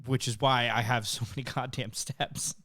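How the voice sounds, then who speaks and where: A young man, a podcast co-host, telling a story in an animated way with a lot of laughter, in casual chat. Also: medium pitch, moderate pace.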